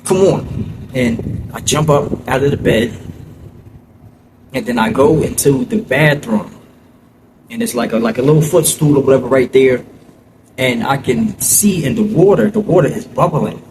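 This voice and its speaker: A man from New Jersey telling a story from his childhood in a halting, casual way, full of fillers and "you know what I'm saying.". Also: mid-range voice. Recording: loud vehicle noise behind.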